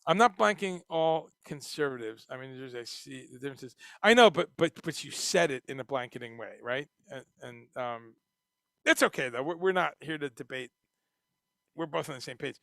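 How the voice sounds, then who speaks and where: A man hosting a casual livestream, reading chat comments and talking in a profane, animated way. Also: mid-range voice, vocal fry, dry recording, clean studio sound. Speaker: livestream host.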